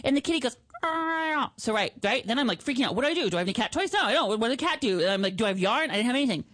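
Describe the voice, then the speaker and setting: A woman's voice: racing, no room sound. Chatty radio host woman, dry sound. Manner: animated, chatty storyteller with high squeaky put-on voices. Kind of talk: casual storytelling chat.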